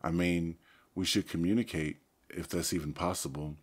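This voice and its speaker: A man reading as thoughtful teenage girl, quiet, measured, low-pitched, storybook. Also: steady tone.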